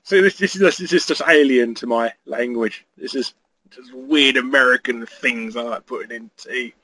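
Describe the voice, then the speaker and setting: A man, a guest in a casual interview, trades dry, mock-menacing banter. His voice is bright and forceful, pitched in the middle range. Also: normal speed, dry recording, rough recording. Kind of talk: casual joking chat.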